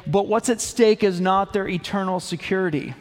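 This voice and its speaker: Brief: male pastor, fairly high voice, earnest sermon delivery that swells to emphasis, long hall reverb. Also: normal speed. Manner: earnest, builds to emphatic peaks.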